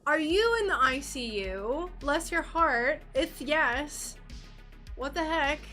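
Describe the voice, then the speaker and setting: A woman's voice: sits high, animated, takes it slowly, pushed and bright, faint music behind. A woman streaming her glass painting, chatting casually and greeting viewers by name in a bubbly, talkative way. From United States. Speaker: craft streamer.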